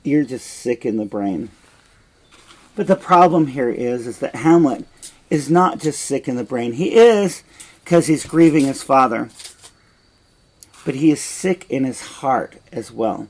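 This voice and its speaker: Slow-talking, blunt male teacher. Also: mid-range voice, animated, low-quality recording. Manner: blunt, frank, unhurried retelling. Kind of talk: explaining a play line by line.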